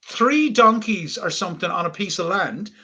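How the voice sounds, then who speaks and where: A man's voice: high-pitched, lively intonation, moderate pace, bright, forceful tone, breathy edge. An Irish man, a comedian guest, joking and rambling through a casual chat. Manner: joking, rambling, full of asides and laughter.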